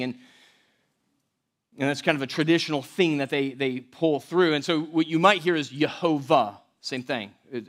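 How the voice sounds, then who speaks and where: A man preaching a verse-by-verse sermon in a conversational way, with joking asides and big swings between loud and quiet. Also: medium pitch. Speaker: pastor.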